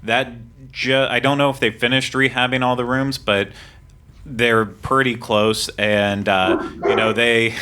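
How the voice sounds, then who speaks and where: A man co-hosting a podcast, chatting casually with quick asides and laughing at himself. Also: mid-range voice, fairly even intonation, bright, forceful tone. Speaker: podcast co-host.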